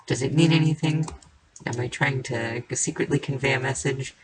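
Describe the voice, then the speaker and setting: A woman giving casual, rambling commentary while building in a game, playful, with sing-song noises and soft murmured asides. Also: very deep voice, fairly even intonation, moderate pace, noisy background. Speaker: game streamer. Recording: keyboard and mouse clicks behind the voice.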